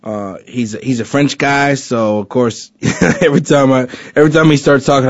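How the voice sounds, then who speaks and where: A man's voice: mid-range voice, steady tone, moderate pace, dry recording. A man hosting a casual chat show, rambling with lots of fillers and restarts, joking as he goes. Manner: chatty and joking. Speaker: podcast host. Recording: dull lo-fi recording.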